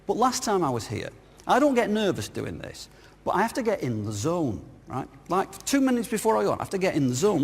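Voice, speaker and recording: Speaking quickly in a high, sing-song voice that is both gravelly and breathy, this man from northern England delivers a humorous conference talk full of anecdotes. He puts questions to the audience filling the big hall. A lapel mic picks him up, and the hall echoes noticeably.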